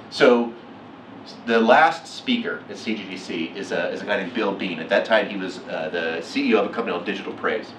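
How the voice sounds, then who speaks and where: A middle-aged man giving a keynote talk, telling a story with lively acted-out quotes. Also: mid-range voice, a little hiss or hum. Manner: animated, acts out quotes with laughs. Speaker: keynote speaker. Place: lecture hall. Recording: echoey hall from far off.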